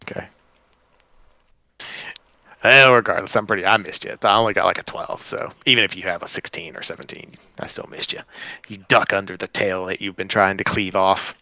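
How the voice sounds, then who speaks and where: A game master narrating a tabletop game in a relaxed, stumbling way. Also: deep voice, a little fast, vocal fry, dry recording, lo-fi sound.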